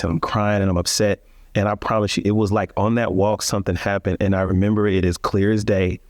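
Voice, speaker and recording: A man's voice: fairly low pitch, flat delivery, brisk, no room sound, clean studio sound. A man telling his life story as a guest in an interview, earnest and reflective, with frequent restarts and emphatic rises.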